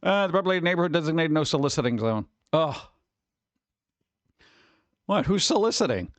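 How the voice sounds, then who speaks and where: A man's voice: fairly high pitch, lively intonation, normal speed, dry recording. A man streaming live, chatting casually and rambling as he reads comments from chat aloud.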